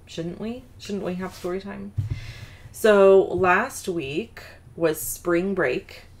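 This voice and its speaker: A woman hosting a card-making video, chatting casually and rambling into a personal story with self-deprecating asides. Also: fairly low pitch. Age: adult mother of a daughter.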